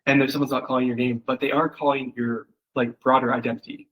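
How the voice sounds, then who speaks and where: Speaking fast in a level, mid-range voice with a slightly bright quality, this man coaches copywriting through a casual one-on-one critique. He rambles with plenty of fillers and acts out quoted voices as examples. The audio is poor.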